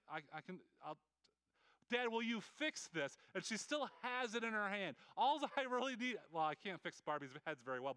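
A man with a high, bright voice preaches a sermon, pleading earnestly and stumbling through quick restarts and repeated words. His tone is smooth and clear, recorded close and dry. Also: no room sound. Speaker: pastor.

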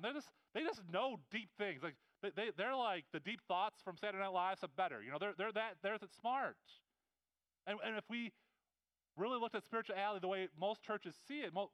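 High, clear-voiced man preaching a sermon. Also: no echo, poor audio. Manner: conversational and animated, frequent repetitions and restarts. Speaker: pastor.

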